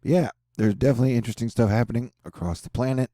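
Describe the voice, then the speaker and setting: A man with a mellow, warm voice gives a casual weather forecast over a map. He rambles, drops jokes and slang asides, and sounds offhand. The recording is dry and close. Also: mid-range voice, rapid-fire, dry recording. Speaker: weather channel host.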